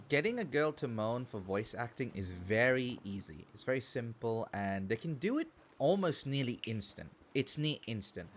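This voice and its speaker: A young man, chatting casually on a gaming stream, telling animated stories, swearing and laughing. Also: medium pitch. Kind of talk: casual chat while gaming. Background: faint background music.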